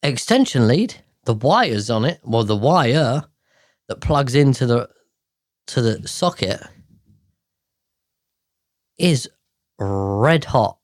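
A man's voice: mid-range voice, sing-song, takes it slowly, pauses often. Sweary, rambling man in his thirties. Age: 30s. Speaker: podcast host. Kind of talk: casual solo podcast chat. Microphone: podcast mic.

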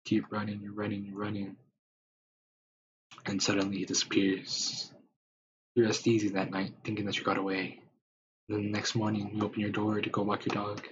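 Low, flat-voiced man spinning a tale. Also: moderate pace, pauses often. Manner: rambling, filler-heavy second-person telling. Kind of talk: improvised spoken story. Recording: dull lo-fi recording, faint hiss.

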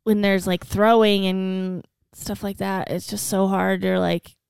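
A woman's voice: medium pitch, flat delivery, unhurried, creaky, a little mellow, smooth, dry recording, clean studio sound. A woman chatting on a podcast about parenting in an earnest, agreeing way. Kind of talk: casual chat.

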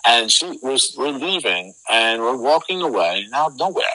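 A man's voice: mid-range voice, normal speed, poor audio. A middle-aged man, an interview guest, telling a rambling story with lots of fillers. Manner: rambling, filler-heavy, animated retelling. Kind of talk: casual storytelling.

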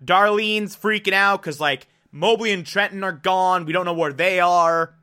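A young man hosting a casual show, recapping an episode in an animated, emotional way with free swearing and loud rants. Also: sits high, moderate pace. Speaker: podcast host recapping a TV episode.

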